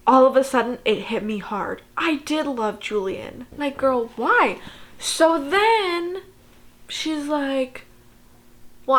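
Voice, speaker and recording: A woman's voice: fairly high pitch, a bit bright. A young woman chatting casually as she recaps a book plot, exasperated and laughing, with lots of "like". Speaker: book vlogger.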